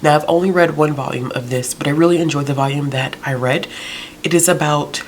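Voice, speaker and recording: A woman's voice: low-pitched, fairly even intonation, a little fast, a little hiss or hum. A woman book vlogger chatting casually, out of breath, with joking, rambling asides. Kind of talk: casual recommendation vlog.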